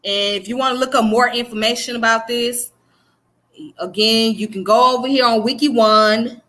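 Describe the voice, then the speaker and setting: Fast-talking Southern woman streamer. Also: on the high side, fairly even intonation, fairly bright tone. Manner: fast-talking, conversational, says "you know what I'm saying". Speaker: livestream host teaching history. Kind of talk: casual live-stream lesson.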